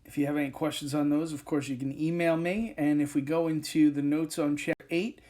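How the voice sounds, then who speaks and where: A man with a fairly high pitch and a steady, dark tone teaches English grammar over a whiteboard recording. His step-by-step explanation is full of pauses and fillers.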